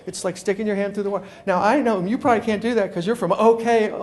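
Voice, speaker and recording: High-voiced New man telling stories. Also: fast. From New York. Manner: animated storyteller acting out phone calls. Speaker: guest speaker. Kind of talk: humorous keynote talk. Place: conference room before an audience.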